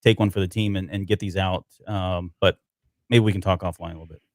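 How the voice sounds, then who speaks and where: A man with a fairly low voice chats on a podcast, hesitating often and restarting his sentences. The sound is dry and close to the mic. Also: fairly even intonation, fairly quick, dry recording. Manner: hesitant, many ums and restarts. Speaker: podcast co-host. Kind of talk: casual chat.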